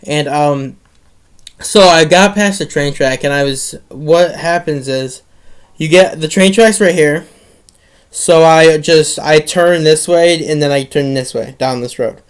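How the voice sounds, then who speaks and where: A man's voice: fairly high pitch, a little slow, clear, resonant tone. A teenage boy telling a story in a casual monologue, rambling with many restarts and some swearing.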